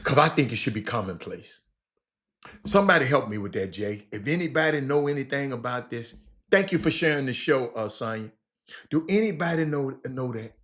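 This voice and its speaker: A man's voice: mid-range voice, lively intonation, fairly quick, fairly bright tone. A man hosting a casual livestream, talking to viewers in a loose, stop-start way with lots of repeats and slang. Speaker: livestream host. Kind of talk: casual rambling chat to viewers.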